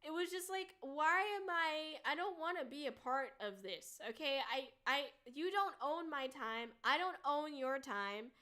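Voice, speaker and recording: A woman's voice: high voice, expressive, unhurried, hardly any pauses, bright, forceful tone. A woman streamer in casual chat, ranting bluntly and swearing freely. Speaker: VTuber streamer.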